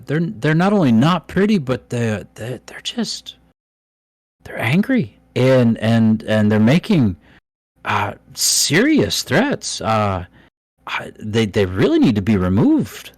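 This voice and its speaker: A man's voice: mid-range voice, wildly swooping pitch, slow, no room sound, exaggerated voice. A man voicing a nervous female dwarf commoner who stammers and hesitates in a tabletop game. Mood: nervous, stammering.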